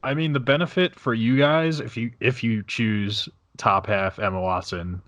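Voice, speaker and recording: A young man co-hosting a podcast in casual chat, talking haltingly with lots of fillers. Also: mid-range voice, fairly even intonation, fairly bright tone, no echo. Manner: hesitant, halting with many fillers. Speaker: podcast co-host. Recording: dull, muffled mic.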